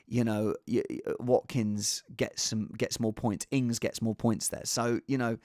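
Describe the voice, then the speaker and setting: A man's voice: mid-range voice, steady tone, moderate pace, few pauses, a little mellow, no echo, clean studio sound. A man chatting casually on his own as a fantasy football vlogger, rambling with restarts and asides. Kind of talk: casual solo chat.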